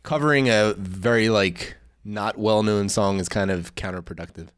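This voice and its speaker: A man's voice: fairly low pitch, normal speed, smooth, dry recording, clean studio sound. A man co-hosting a podcast, laid-back and a bit hesitant in casual banter. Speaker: podcast co-host.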